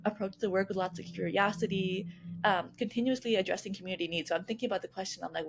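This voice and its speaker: Fast-talking woman with gravelly fry. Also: mid-range voice, steady tone, a little hiss or hum. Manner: fast, earnest, many restarts and repeated words. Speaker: guest, youth engagement coordinator at a health nonprofit. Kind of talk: casual interview answers.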